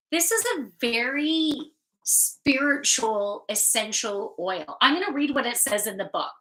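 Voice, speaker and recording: A woman gives a live oracle card reading in a bright, clear voice. She talks slowly and chats casually, with an offhand swear here and there. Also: on the high side, poor audio. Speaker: spiritual card reader and channeler.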